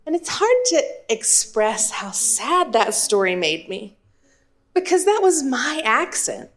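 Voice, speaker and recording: East texas lady in her 30s giving a funny talk to a crowd, kinda high voice, takes her time. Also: very animated, slow pace. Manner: humorous, self-deprecating. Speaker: speaker and Spanish teacher. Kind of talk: storytelling talk to a live audience.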